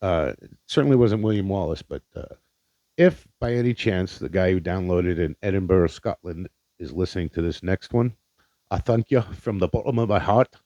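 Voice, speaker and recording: Deep-voiced, mellow-toned podcasting man. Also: expressive, normal speed, no room sound. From Indiana, Pennsylvania, USA. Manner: rambling, profane, sincere, with many fillers. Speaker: podcast host. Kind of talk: casual solo podcast monologue. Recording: dull lo-fi dry recording.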